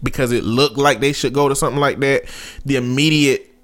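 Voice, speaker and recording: A man's voice: medium pitch, fairly even intonation, brisk, fairly bright tone. A man chatting casually in a blunt, opinionated way. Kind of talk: casual chat.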